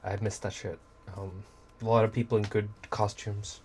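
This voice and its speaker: A man's voice: fairly low pitch, level tone, moderate pace, a little mellow, breathy edge. A middle-aged man chats casually on a live stream, rambling from one thought to the next and swearing freely. His talk stays easygoing and offhand. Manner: loose, profane and rambling. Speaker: music producer streaming from his studio.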